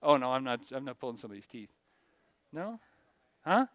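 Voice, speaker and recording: A middle-aged man teaching a class in a rambling conversational way, full of restarts and quick "right?" checks to the students. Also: mid-range voice, big pitch swings, fairly bright tone, no room sound. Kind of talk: classroom lecture.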